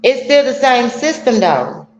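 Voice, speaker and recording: A woman's voice: high-pitched, sing-song, a little slow. A woman calling in to a casual debate, explaining her view at length with examples. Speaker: caller. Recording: echoey, dull lo-fi line with faint noise.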